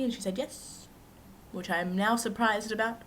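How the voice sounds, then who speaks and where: A woman's voice: mid-range voice, fairly even intonation, unhurried, bright, forceful tone, slight background noise. Chatty self-mocking young woman. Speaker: vlogger. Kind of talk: casual storytelling to camera.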